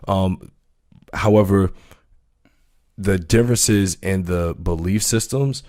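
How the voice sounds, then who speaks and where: A man talking casually about religion on a podcast, animated and quick to jump in with corrections, often restarting his sentences. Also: sits low, no echo, clean studio sound.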